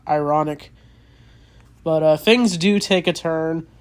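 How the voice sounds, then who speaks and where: A movie reviewer in a casual spoken review, earnest and openly emotional, halting with many restarts and fillers. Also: medium pitch, flat delivery, a little mellow.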